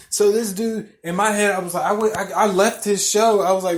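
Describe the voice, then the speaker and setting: A man hosting a podcast, telling a story as a profane rant, swearing constantly, repeating himself and getting loud and worked up. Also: high-pitched, moderate pace, few pauses. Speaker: podcast host.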